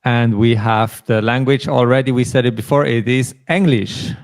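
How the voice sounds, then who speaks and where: A man runs a beginner language lesson at a patient, even pace. He explains each sound slowly and prompts his learner to say every word back. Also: mid-range voice. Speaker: German teacher.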